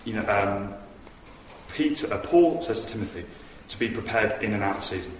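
A man's voice: lowish voice, lively intonation, moderate pace. A man giving an earnest, conversational sermon in a church hall, telling stories with animation. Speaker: preacher. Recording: echoey hall from far off with noise.

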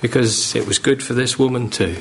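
A man's voice: mid-range voice, steady tone, a little fast, creaky, a little hiss or hum. A man preaching a sermon, earnest and pleading, building to fervent emphasis. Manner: earnest, pleading, rising with fervour.

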